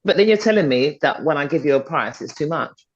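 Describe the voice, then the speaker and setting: A middle-aged woman talks as a podcast guest, pressing her points home with repetition and a lot of swing in her pitch. Her voice has a breathy, husky edge. The recording sounds a little dull and lo-fi. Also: lively intonation, fairly quick. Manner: emphatic and persuasive, repeats points for stress. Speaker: guest, fitness and confidence coach. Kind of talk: motivational conversational talk. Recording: dull, slightly lo-fi podcast audio.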